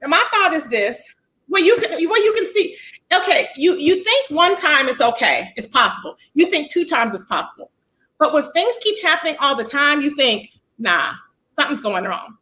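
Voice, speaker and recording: Woman streamer, high bright voice, chatty and animated, greets chat by name. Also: normal speed, a little hiss or hum. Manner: chatty, animated, greets viewers by name, calls them baby and child. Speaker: livestream commentary host. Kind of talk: casual livestream commentary.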